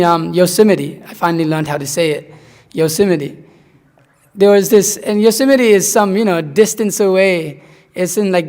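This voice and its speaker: Male teacher, rambly, repeats himself; gravelly tone, long hall reverb. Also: high voice. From Nepal. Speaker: spiritual teacher. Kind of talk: conversational scripture class.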